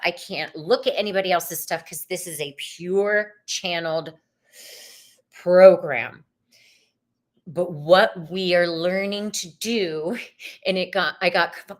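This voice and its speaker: A woman giving tarot readings live, chatting casually with viewers in a bubbly, spiritual way. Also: medium pitch. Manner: chatty, bubbly and spiritual, with frequent likes and ums. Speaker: tarot reader hosting a live stream. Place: living room at home.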